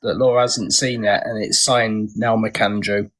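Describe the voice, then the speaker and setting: A man's voice: fairly low pitch, flat delivery, unhurried. A man, chatting casually and sharing anecdotes on a live stream. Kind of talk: casual chat.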